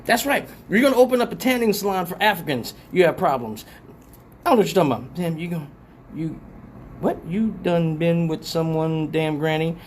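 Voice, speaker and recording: A man hosting a live comedic talk show, telling rambling, profane stories in an animated way. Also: on the high side, fairly quick, a little hiss or hum.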